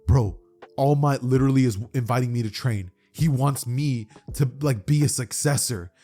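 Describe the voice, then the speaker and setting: A man voicing an eager teenage boy in a fan story, talking excitedly in slang like "bro" and "like". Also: medium pitch, moderate pace, soft background music, lightly acted.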